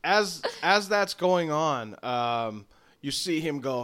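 Male GM, relaxed descriptive narration, expressive up-and-down delivery. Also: a little high, slow, clean tone. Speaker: game master. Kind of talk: narrating a tabletop game.

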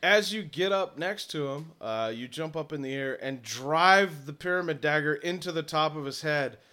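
A man's voice: fairly high pitch, moderate pace, bright, forceful tone. A man running a tabletop game as game master, narrating casually with fillers and some swearing.

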